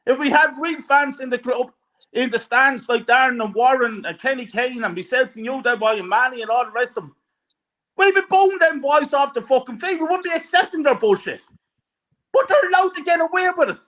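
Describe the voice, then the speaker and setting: A man's voice: very high-pitched, a little fast, fairly bright tone, low-quality recording. A man, ranting furiously and swearing as a guest fan on a live stream.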